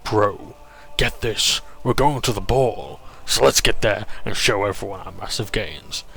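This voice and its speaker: A man's voice: fairly low pitch, a little slow, vocal fry, fairly bright tone, breathy edge, exaggerated voice. A man voicing a muscle-obsessed fantasy adventurer who talks like an apologetic bro. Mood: sheepish.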